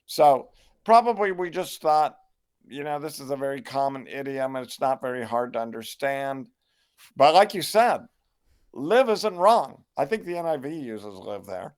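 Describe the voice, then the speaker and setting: An older man, a New Testament scholar, answering interview questions in a measured, reflective way with frequent restarts. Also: mid-range voice, sing-song, darkish tone. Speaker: New Testament scholar and Bible translator, guest.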